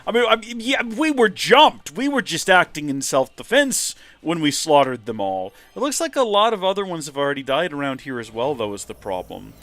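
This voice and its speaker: A man's voice: fairly high pitch, sing-song, a little fast, hardly any pauses, fairly bright tone, no echo. A man hosting a live game stream, chatting and joking about himself as he plays. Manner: chatty, joking, self-deprecating. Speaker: host, gamer.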